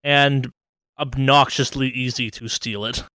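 A man with a smooth, clean voice recorded close and dry, with no room sound around him. He rambles through gaming news in a loose, excitable way and swears casually as he goes. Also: mid-range voice, measured pace, no room sound. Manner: enthusiastic, rambling, swears freely. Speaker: podcast co-host.

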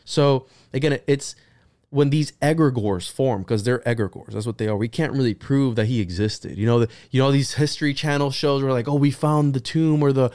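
A man talking casually on a podcast, rambling through stories with plenty of swearing and animated bursts. His voice sits at an ordinary middle pitch, recorded close and dry with no room sound. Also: fairly quick, no echo. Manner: profane, rambling, animated storytelling. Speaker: podcast guest.

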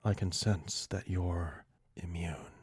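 A man voicing a huge, tender virus creature in a comic story reading, answering slowly and softly. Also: low-pitched, no echo, studio quality. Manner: slow, soft, calm replies. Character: huge, sad-eyed virus-man, soft-spoken and tender.

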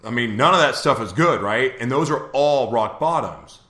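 A man hosting a live morning show speaks in an earnest, candid way as he tells a personal story. His voice sits at an ordinary middle pitch. The room around him is echoey. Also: expressive, moderate pace, sharp tone. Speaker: host. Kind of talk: live confessional talk show.

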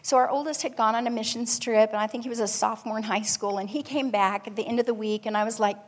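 A woman with a fairly high, slightly husky voice tells a personal story to a gathered audience. She talks in an animated, lively way, and her voice rings with a long hall reverb. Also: fast, few pauses. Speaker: speaker telling a personal story.

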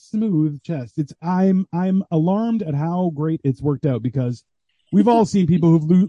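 Animated man with a dark voice. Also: a little high, dry recording, lo-fi sound. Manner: animated storyteller, acts out quoted voices. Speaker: podcast guest, comedian. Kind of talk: casual chat.

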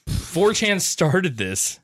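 A man's voice: high-pitched, very animated, extremely slow, a bit bright, dry recording. Blunt, emphatic man on a podcast. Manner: blunt, emphatic, swears freely. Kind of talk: casual podcast chat.

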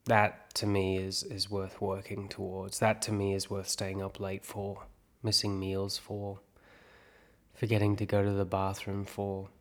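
A man from South Africa talks through his thoughts in a reflective podcast monologue, asking himself questions and answering them. His voice sits low and has a gravelly, creaky edge. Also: monotone, unhurried. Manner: thinks aloud, talking himself through questions. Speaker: actor and podcast host.

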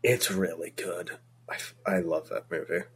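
A man co-hosting a podcast, chatting in a relaxed way and laughing often. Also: low-pitched, moderate pace, slightly rough. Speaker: podcast co-host. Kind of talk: casual chat.

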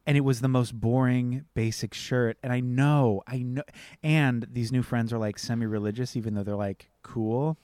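A young man chatting casually as a podcast co-host, telling a personal story in an animated, expressive way with frequent swearing. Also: medium pitch, normal speed, hardly any pauses, no echo. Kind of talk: casual chat.

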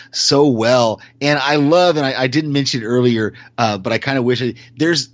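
A man's voice: medium pitch, dry recording. Rambling man on dull lo-fi audio. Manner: rambling, self-correcting, animated storytelling. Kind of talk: casual chat.

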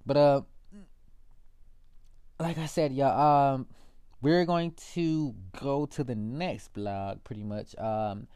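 A man's voice: medium pitch, slow pace, mellow, smooth. A young man ranting casually to his viewers, profane and rambling, calling them y'all. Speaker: political vlogger.

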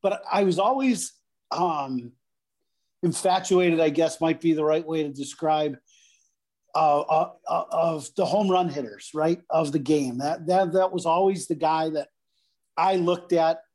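On the high side and a little slow, this middle-aged man's voice carries casual stories he tells as a guest, drawing on his past as a pro baseball player. He's animated and voices the characters in his anecdotes.

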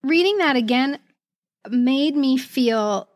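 A middle-aged woman co-hosting a podcast in casual chat, animated and laughing often as she reads old letters aloud. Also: sits high, takes it slowly, no room sound, clean studio sound. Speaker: podcast co-host.

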